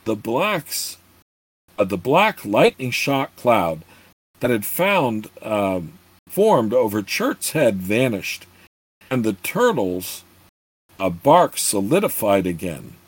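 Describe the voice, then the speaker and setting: A man's voice: fairly low pitch, big pitch swings, slow pace, slightly rough, dry recording. A man reading a fantasy novel aloud in a hesitant way, often stumbling and restarting words. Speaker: narrator.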